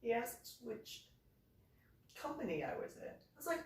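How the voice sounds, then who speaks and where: A woman reverend telling funny personal stories in an animated way, laughing and making sound-effect voices. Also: fairly high pitch, measured pace, gravelly. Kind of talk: comedic personal storytelling. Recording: roomy room, distant mic.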